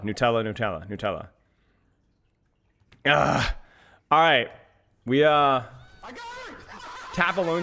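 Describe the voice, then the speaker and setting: A man hosting a casual live stream for his viewers. He giggles easily and keeps cracking up as he talks. His speech is loose, rambling and full of slang, at an ordinary mid pitch. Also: gravelly, a bit bright. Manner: giggly, keeps breaking into laughter. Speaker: streamer and game coach.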